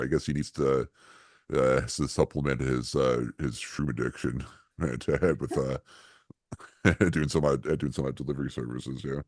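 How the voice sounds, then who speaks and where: Very deep-voiced man, rambling podcast co-host. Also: steady tone, unhurried, darkish tone, no room sound, studio quality. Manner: rambling, lots of fillers, laughs often. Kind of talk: casual chat about a cartoon episode.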